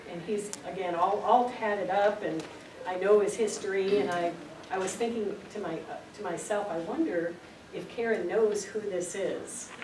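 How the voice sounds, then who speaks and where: In a meeting room, a middle-aged spiritual speaker with a medium-pitched, somewhat mellow voice teaches a group informally. Her delivery is earnest and story-driven, with words repeated for emphasis, and the recording is noisy, echoey, and picked up from far away.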